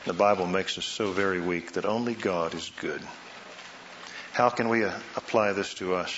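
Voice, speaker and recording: A man preaching a sermon, asking rhetorical questions and swinging between soft and loud delivery. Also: sits low, moderate pace, slight background noise. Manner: dramatic swings in loudness and pace, rhetorical questions. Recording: roomy, slightly dull sound.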